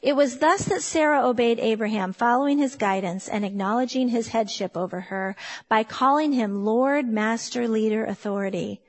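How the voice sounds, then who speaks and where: Woman, fifties, Bible teacher, slightly high voice, chatty and emphatic, asks the room questions. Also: moderate pace. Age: 50s. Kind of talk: sermon teaching.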